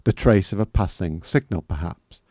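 Man, low voice, reading a memoir, wry humour, dry close sound. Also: moderate pace, mellow, dry recording. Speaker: guest author reading his work. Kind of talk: reading a personal memoir aloud.

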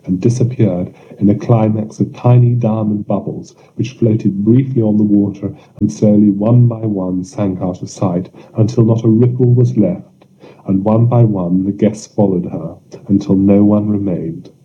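A man narrating surreal fiction in a measured, deliberate audiobook reading. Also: lowish voice, steady tone, a little hiss or hum. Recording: dull lo-fi recording.

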